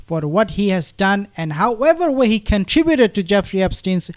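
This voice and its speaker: A man's voice: high voice, big pitch swings, normal speed. A man hosting a political commentary show, reacting to news clips in an indignant, sarcastic way.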